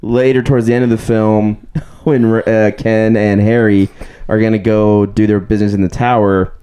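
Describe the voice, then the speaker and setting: A man with a somewhat low voice co-hosts a relaxed film podcast. He retells scenes in a halting way, often stopping and restarting his sentences. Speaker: podcast co-host. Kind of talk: casual film discussion.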